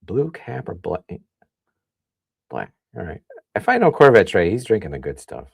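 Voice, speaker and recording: A man from the Midwest hosting a casual livestream, chatting and thinking out loud as he reads comments. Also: lowish voice, huge pitch swings, moderate pace, gravelly, husky, no room sound, studio quality. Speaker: livestream host. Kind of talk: casual tasting livestream chat.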